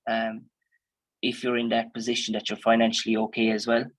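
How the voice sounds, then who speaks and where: Plainspoken Irish farmer, husky and flat. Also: male voice, on the low side, brisk, no echo, poor audio. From Ireland. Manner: chatty, plainspoken, lots of fillers and restarts. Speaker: dairy farmer. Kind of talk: conversational interview answers.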